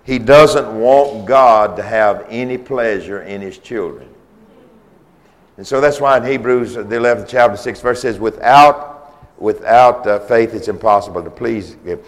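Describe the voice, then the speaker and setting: A man with a Southern US accent delivers a sermon in an earnest, insistent manner. His voice sits on the low side. He often restarts and repeats phrases to drive a point home. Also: unhurried. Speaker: preacher.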